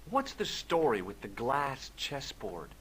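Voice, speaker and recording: A curious young adventurer with a relaxed, questioning way of talking. His voice moves around a lot in pitch. Faint noise runs behind him in the game audio. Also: measured pace, rough recording. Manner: casual, inquisitive. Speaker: game protagonist.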